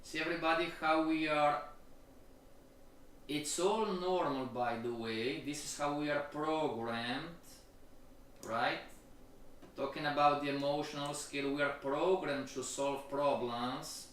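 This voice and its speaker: Slow, echoey male trading lecturer. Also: a little high, fairly bright tone, slight background noise. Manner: keeps checking in with the audience; slow, repetitive delivery. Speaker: trading instructor. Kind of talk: live-stream lecture. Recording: very echoey room, voice from far off.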